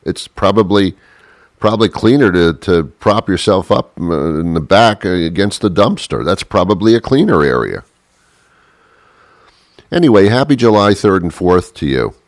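A deep-voiced man talks through a loose, comic monologue, laughing at his own asides and breaking into exaggerated voices. His low voice sits close to the mic with a dry, dead sound and no room around it. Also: moderate pace, no room sound. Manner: chuckling, self-interrupting, animated impressions.

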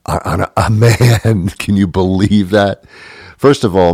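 A man hosting a comic monologue, ranting in a deadpan way with emphatic repetitions. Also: sits low, moderate pace, dry recording, clean studio sound. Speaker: host.

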